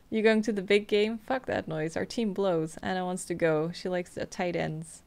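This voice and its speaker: A woman playing a video game, reading the on-screen text messages aloud in a flat, quick way between casual comments. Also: fairly low pitch, gravelly. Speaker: gameplay streamer. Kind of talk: casual let's-play commentary.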